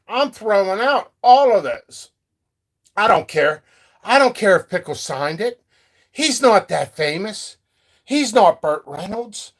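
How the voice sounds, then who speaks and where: A man's voice: high-pitched, big pitch swings, unhurried, fairly bright tone. A man hosting his channel as a seed seller, talking to viewers in a rambling, joking way and laughing often. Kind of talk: free-flowing casual talk to viewers.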